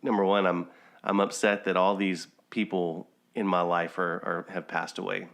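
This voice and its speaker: Low-voiced man telling family stories. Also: level tone, moderate pace, creaky, a bit bright. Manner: storytelling, laughs at own jokes. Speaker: podcast host. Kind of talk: casual chat.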